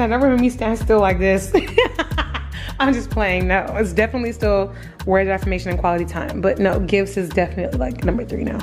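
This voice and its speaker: A woman's voice: mid-range voice, fairly quick, faint music behind. A young woman chatting casually to camera in a vlog, gushing and laughing often. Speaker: vlogger.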